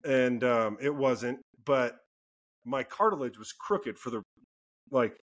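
A man co-hosting a podcast, telling childhood stories in a casual, animated way, laughing and swearing freely. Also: mid-range voice, slow. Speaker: podcast co-host. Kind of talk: casual chat, storytelling.

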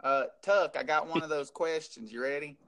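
A man's voice: fairly high pitch, normal speed, a bit bright. A man playing a dim, agreeable Southern hillbilly sidekick with a Southern accent. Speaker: podcast co-host. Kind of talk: comedic character banter.

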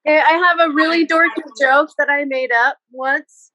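A woman chatting on a podcast, bubbly and quick to laugh. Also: high voice, fairly even intonation, background noise. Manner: bubbly, laughs as she talks. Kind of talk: casual chat.

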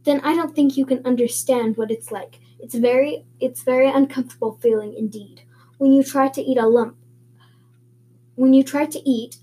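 A woman's voice: sits high, mellow, slightly rough. A woman voicing an eager, talkative eleven-year-old orphan girl who speaks in a dreamy, earnest, wordy way.

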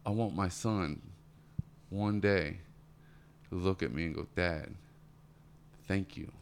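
A man's voice: slow pace, vocal fry, a little hiss or hum. A man talking casually as a guest, earnest and motivational, often repeating words and calling people "man". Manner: acts out quoted voices in a higher pitch. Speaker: podcast guest. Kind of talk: casual conversation.

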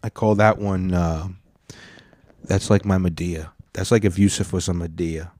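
A man's voice: low voice, fairly even intonation, normal speed, a little mellow, no echo. A man riffing in a crude, joking comedic rant as a podcast host.

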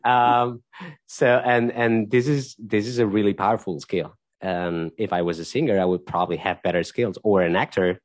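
A low-pitched man talks as a guest on an interview podcast. He is thoughtful and pauses to find his words, and his voice sounds close and dry with no room sound. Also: fairly even intonation, no room sound. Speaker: podcast guest, tech executive and dance teacher. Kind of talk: casual conversational interview.

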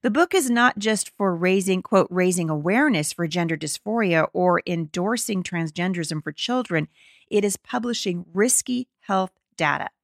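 Gravelly-voiced indignant woman commentator. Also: mid-range voice, no echo, clean studio sound. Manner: indignant and emphatic, with stumbling restarts. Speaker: podcast host. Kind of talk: opinion commentary, reading an article aloud.

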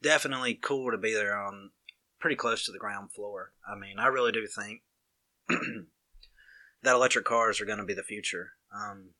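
A man's voice: on the low side, moderate pace, pushed and bright. A man with a Southern US accent, chatting casually and acting out both sides of a story. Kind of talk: casual chat.

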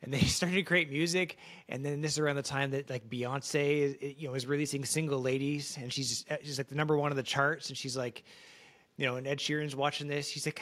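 A man's voice: medium pitch, fairly even intonation, brisk, a bit bright. A man in his forties co-hosting a casual podcast, explaining things easygoingly with acted-out examples. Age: 40s. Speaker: podcast co-host. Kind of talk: casual chat.

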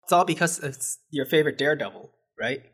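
A man's voice: on the high side, fast, a bit bright, husky. A man co-hosting a casual movie review chat, sarcastic and often laughing. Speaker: podcast co-host.

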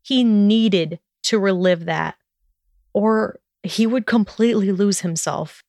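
Woman storyteller, smooth clear voice, measured narration. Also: mid-range voice, no room sound, studio quality. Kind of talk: storybook reading.

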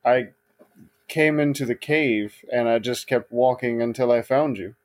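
A calm, polite adventurer, played by a man in a tabletop game. He speaks plainly and deadpan, at a mid pitch. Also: measured pace, close to an everyday voice.

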